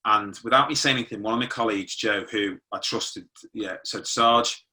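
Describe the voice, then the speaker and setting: A man's voice: lowish voice, moderate pace, bright, forceful tone. A middle-aged man, a former police sergeant, recounting a personal experience in conversational style, with restarts and quoted dialogue. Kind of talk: personal storytelling.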